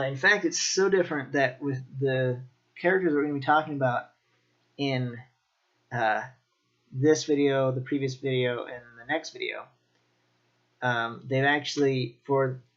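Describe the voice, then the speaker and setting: A man teaching Mandarin pronunciation in a slow, demonstrative way, repeating each sound. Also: mid-range voice, muffled recording. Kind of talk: pronunciation lesson.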